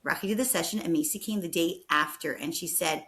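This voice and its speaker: A woman co-hosts a relaxed podcast conversation, her voice bright and forward. She tells her story in an animated rush, padding it with frequent "like" and "um". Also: on the low side, a little fast. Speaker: podcast co-host. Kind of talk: casual podcast chat.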